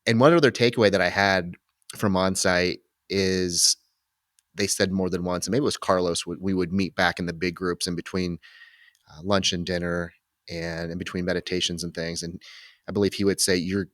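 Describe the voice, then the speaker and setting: A man with a very low voice hosts a casual interview podcast. He speaks reflectively and wanders through his thoughts with many restarts. The recording is dry and close. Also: steady tone, moderate pace, fairly bright tone, no echo. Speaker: podcast host.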